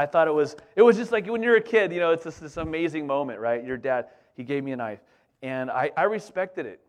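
A middle-aged man preaching as a pastor, telling a childhood story in a lively, conversational way full of asides to the congregation. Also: medium pitch. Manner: animated, conversational, repeats "you know what I'm saying". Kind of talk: storytelling sermon.

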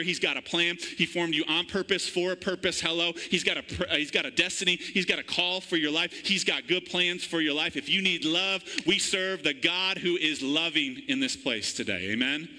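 A man's voice: on the high side, pushed and bright, poor audio. A man preaching a sermon in church, calling out to the congregation for an amen. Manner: call-and-response preaching, asks congregation for amen. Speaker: pastor.

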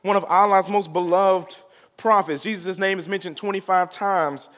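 High-pitched preaching man. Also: fairly even intonation, moderate pace. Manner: call-and-response preaching, swings from hushed to loud. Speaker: pastor. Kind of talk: sermon.

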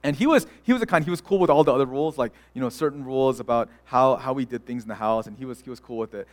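A man's voice: mid-range voice, rapid-fire. A young adult man, a pastor, preaching a sermon in a chatty storytelling way with many fillers and restarts. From United States.

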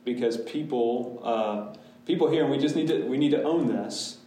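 A man's voice: medium pitch, moderate pace, mellow. A man, a pastor, answering a church class's questions in a candid, casual way, with many restarts. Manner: candid, talks in restarts and asides. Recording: echoey room, voice from a distance.

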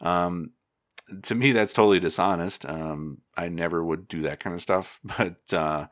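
Deep-voiced man giving relaxed advice. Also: a little slow, no echo, studio quality. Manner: relaxed, rambling, many fillers and restarts. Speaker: agronomist. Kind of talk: casual advice talk.

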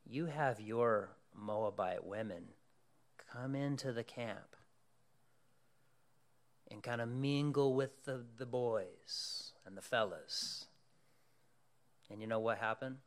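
A man's voice: medium pitch, slow pace, pauses often. A man voicing a scheming hired male prophet who talks in a casual, conspiratorial way.

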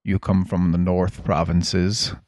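A man voicing a composed, evasive male leader of a secret order in a tabletop game, in a smooth, guarded way. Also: low-pitched, flat delivery, takes it slowly, darkish tone, dry recording.

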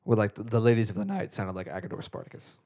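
A man's voice: lowish voice, big pitch swings, quick pace, dark tone. A man co-hosting a podcast, chatting casually about a film and making dry, teasing remarks. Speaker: podcast co-host. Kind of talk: casual chat.

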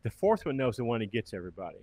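A man's voice: medium pitch, sing-song, racing, warm tone, no room sound. A man on a casual podcast, emphatically laying out business advice point by point. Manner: emphatic, lays out points step by step.

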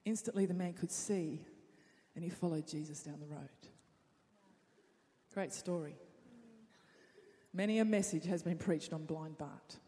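A woman preacher delivers a dramatic sermon, dropping to hushed tones and then building to loud appeals. Her voice fills a church hall with a long trailing reverb. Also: fairly low pitch, a little slow, long pauses.

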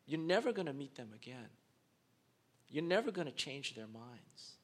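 A pastor preaching a sermon, animated, dropping to a hush and then rising loud as he acts out rude strangers. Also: medium pitch, moderate pace.

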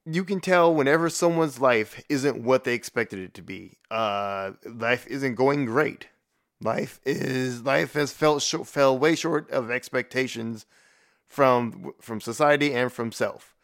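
A man's voice: mid-range voice, fairly bright tone. A man giving a profane, rambling rant in blunt, casual commentary, with frequent restarts.

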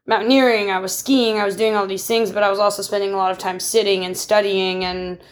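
A woman's voice: medium pitch, steady tone, quick pace. A young adult woman co-hosting a podcast, talking candidly and reflectively in casual conversation, often restarting and laughing. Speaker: podcast co-host.

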